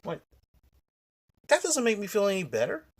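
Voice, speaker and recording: A man's voice: sits high, huge pitch swings, moderate pace, husky. Blunt, profane man telling a story. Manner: blunt and profane, rambling with restarts. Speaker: vlogger. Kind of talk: casual personal storytelling to camera.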